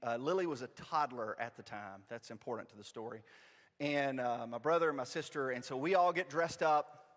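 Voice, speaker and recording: A man, preaching a storytelling sermon in a church, animated and self-deprecating. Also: medium pitch, a little fast. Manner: animated, self-deprecating, quotes family in voices. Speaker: pastor. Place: church sanctuary. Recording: long reverb of a church hall.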